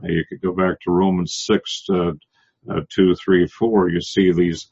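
A man teaching a Bible passage verse by verse, pausing often and restarting, explaining the Greek words. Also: low-pitched, flat delivery, darkish tone, breathy edge, muffled recording. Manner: halting, many restarts and fillers, explains Greek word by word. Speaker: preacher.

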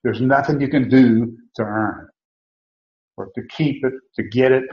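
Delivering a sermon, a man preaches with emphatic insistence at normal speed, repeating himself, restarting sentences and using many fillers. His voice is medium in pitch. The sound is muffled and dull, echoing around the room.

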